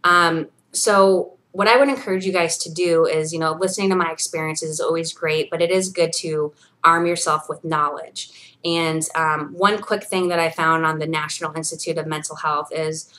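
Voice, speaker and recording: A woman's voice: low-pitched, fairly even intonation, normal speed, fairly bright tone. A woman in her thirties recording a personal video diary, earnest and encouraging, reading from her journal and talking straight to viewers. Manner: earnest and encouraging, with many fillers. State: briefly emotional, near tears. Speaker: vlogger.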